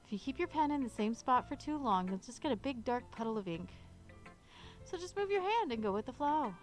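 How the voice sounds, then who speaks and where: A woman's voice: high voice, sing-song, brisk, faint music behind, pitched above the performer's own voice. A woman voicing a cheerful, confident teenage girl who runs a club, giving upbeat writing advice while reading a visual novel aloud.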